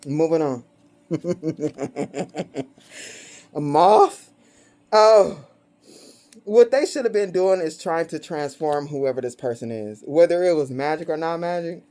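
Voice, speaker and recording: A woman's voice: low voice, dark tone. A woman doing a casual tarot reading, blunt and profane, often breaking into laughter as she mocks her subjects. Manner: blunt, profane and gleefully mocking; laughs often between phrases. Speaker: tarot reader.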